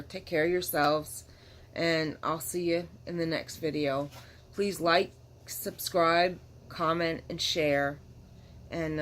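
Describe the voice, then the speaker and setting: A middle-aged woman with a notably low voice talks candidly to her camera, tired and yawning, rambling and apologizing as she goes. Her casual vlog chat is recorded with a faint hiss underneath. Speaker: vlogger.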